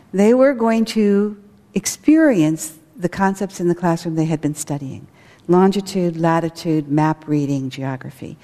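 A woman's voice: on the low side, dark tone. A woman who directs a school, giving an earnest spiritual talk with stories. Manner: earnest, storytelling with acted quotes. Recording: long hall reverb.

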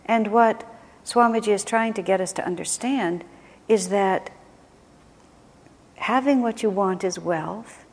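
A woman's voice: medium pitch, a little slow, pauses often. A woman leading a spiritual class, speaking conversationally and reflectively, often restarting her sentences. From United States. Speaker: spiritual teacher. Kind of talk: teaching a class. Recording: long hall reverb.

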